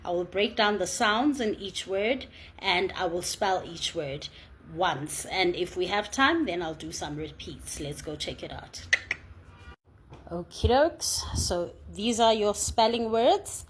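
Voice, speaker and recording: A woman teacher leading a spelling lesson, sounding out each word slowly and carefully. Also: fairly low pitch, lively intonation, slight background noise. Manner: slow, careful over-enunciation of sounds.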